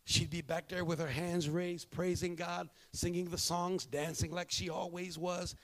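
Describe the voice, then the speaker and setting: A male pastor delivers a sermon in a high, gravelly voice. He tells his story in a preaching rhythm, dropping to hushed, slow lines and then rising to emphatic bursts. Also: flat delivery.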